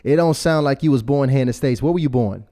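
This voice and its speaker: A man hosting a dating show, talking in an energetic, playful way. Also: mid-range voice, quick pace. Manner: energetic, playful, repeats words. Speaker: host. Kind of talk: casual chat.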